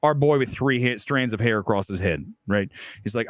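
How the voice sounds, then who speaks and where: A man's voice: mid-range voice, moderate pace, dry recording. A man hosting a film talk stream, ranting in a combative, opinionated way about movies and his critics. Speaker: film talk show host. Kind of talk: ranting live-stream commentary.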